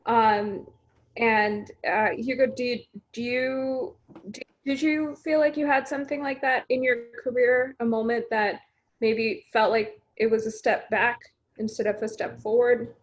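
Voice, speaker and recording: A woman's voice: fairly high pitch, steady tone, measured pace. Woman hosting over dull video call audio. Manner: conversational, many fillers. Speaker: panel host, news editor. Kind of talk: video call panel discussion.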